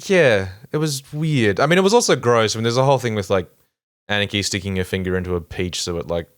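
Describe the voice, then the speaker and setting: Low-voiced laid-back man chatting. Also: animated, fast talker, clean tone. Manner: laid-back, swears casually, laughs often. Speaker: podcast co-host. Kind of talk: casual anime review chat.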